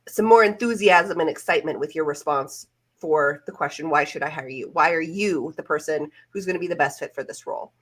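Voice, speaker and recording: A woman's voice: lowish voice, husky. A woman career coach co-hosting a live-stream Q&A, giving reassuring, practical interview advice. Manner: reassuring, advisory.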